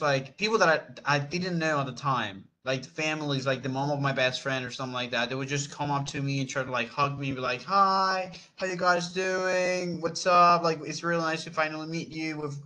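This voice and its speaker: A man's voice: mid-range voice, bright, forceful tone. A man, a student in an online class, telling a casual story with many loose fillers over a video call.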